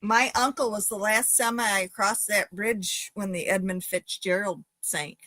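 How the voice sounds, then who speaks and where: A woman's voice: medium pitch, fairly even intonation, unhurried, sharp tone, dry recording, poor audio. Firm woman, dry sound. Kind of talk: casual chat.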